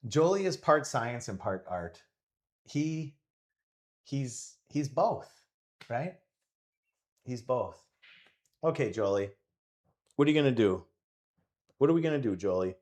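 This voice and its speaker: A man's voice: mid-range voice, animated, takes it slowly, pauses often, a little mellow. A man giving casual live commentary on a pool match, rambling and joking as he thinks aloud about the shots.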